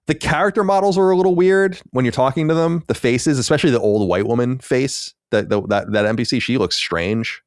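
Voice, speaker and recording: A man's voice: mid-range voice, brisk, hardly any pauses, clean tone, dry recording, studio quality. A man co-hosting a podcast, chatting casually and rambling, with many restarts and fillers. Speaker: podcast co-host. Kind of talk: casual chat.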